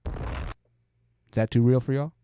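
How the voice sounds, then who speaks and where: A man's voice: medium pitch, steady tone, a little slow, warm tone, a little hiss or hum. A man hosting a livestream, giving blunt commentary and talking straight to his chat. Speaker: host.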